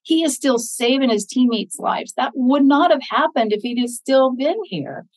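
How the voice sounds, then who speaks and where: A woman podcast guest, a bereaved mother, telling her story in an earnest, faith-filled way, animated when she quotes others. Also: high voice, moderate pace, dry recording, poor audio. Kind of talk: interview storytelling.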